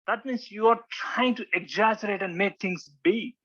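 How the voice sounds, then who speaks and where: Brief: male speaking coach, fairly high bright voice, dull lo-fi recording. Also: moderate pace. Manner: demonstrative, acts out examples, frequent restarts. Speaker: public speaking club instructor. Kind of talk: informal teaching talk with slides.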